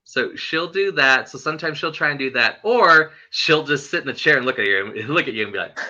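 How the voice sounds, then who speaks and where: Bright-voiced rambling male host. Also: a little high, lively intonation, fairly quick. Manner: rambling, laughs often while talking. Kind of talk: casual chat. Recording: muffled lo-fi audio.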